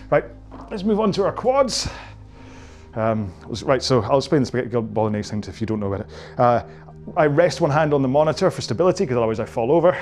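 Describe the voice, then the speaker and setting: A man's voice: medium pitch, lively intonation, fast talker, a little mellow. A Scottish man in his forties talks viewers through stretches as a rowing coach. He is chatty and jokes at his own expense. Faint music plays in the background. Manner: chatty, joking and self-mocking. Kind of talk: guided stretching class, casual chat.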